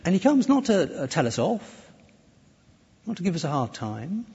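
A man preaching a sermon in a church, conversational and animated, often restarting his phrases. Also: high voice, normal speed, long pauses, breathy edge. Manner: lively, conversational preaching with self-corrections. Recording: dull, echoey church hall recording.

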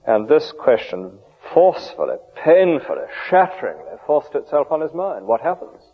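A man's voice: fairly high pitch, sing-song, moderate pace, slightly rough. A man preaching a sermon, rhetorical with vivid emphasis and dry humour. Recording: tinny, phone-like old radio broadcast.

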